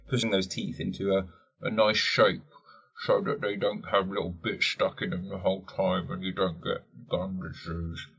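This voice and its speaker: Low, husky podcast host, rambling jokey monologue with plenty of swearing. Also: male voice, fairly bright tone, muffled recording. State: wearing teeth-straightening trays. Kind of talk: casual solo podcast chat.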